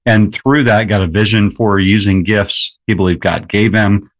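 A man with a fairly low voice, a guest in a radio studio, explaining a song earnestly and thoughtfully. He speaks evenly at the microphone. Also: fairly even intonation, moderate pace. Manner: earnest, reflective, laughs easily. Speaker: guest, blogger. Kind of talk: casual radio conversation.

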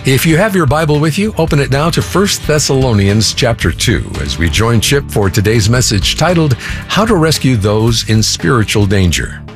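A male announcer reading a scripted introduction in a smooth, upbeat manner. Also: medium pitch, animated, moderate pace. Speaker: radio program announcer. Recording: voice over guitar music.

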